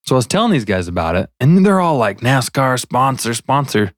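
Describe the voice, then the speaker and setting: A man co-hosting a casual podcast, telling lively stories and laughing often as he talks about trucking life. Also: mid-range voice, fast talker, dry recording, clean studio sound. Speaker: podcast co-host, truck driver. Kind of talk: casual chat.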